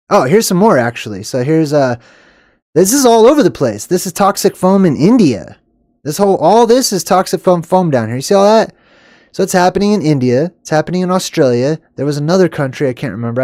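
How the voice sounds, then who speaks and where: A medium-pitched man hosts a video, rambling casually over news clips. He chuckles a lot and swings from loud remarks into muttered asides. The recording is studio quality with no echo.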